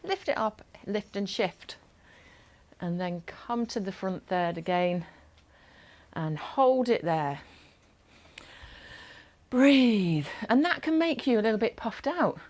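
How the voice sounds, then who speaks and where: A woman instructor leading a gentle chair exercise class over a video call, encouraging and instructive. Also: medium pitch, expressive, slow pace.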